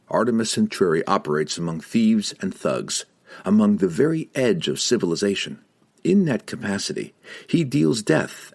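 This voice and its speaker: A man narrating a fantasy audiobook in a dramatic, expressive reading. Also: fairly low pitch, gravelly, husky.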